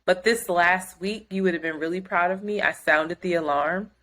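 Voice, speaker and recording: A woman co-hosting a podcast, telling a story in casual chat, animated and profane, acting out other people's quotes. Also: lowish voice, moderate pace. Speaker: podcast co-host.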